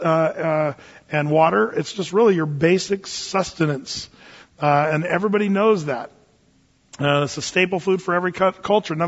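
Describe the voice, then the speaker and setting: Folksy male pastor, high husky voice, emphatic Bible teaching, muffled hall reverb. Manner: folksy, emphatic, chatty asides. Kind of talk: conversational verse-by-verse bible teaching. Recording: dull, echoey hall recording.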